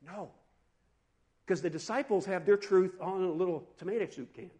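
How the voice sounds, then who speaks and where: A man preaching a sermon in an animated, conversational way, asking his listeners questions. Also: sits high, normal speed. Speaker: pastor.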